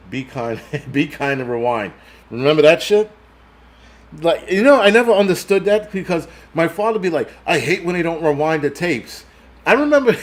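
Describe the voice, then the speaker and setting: A middle-aged man hosting a channel in a casual, rambling, profane livestream rant, laughing often and answering chat comments. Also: fairly high pitch. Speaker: prepper channel host.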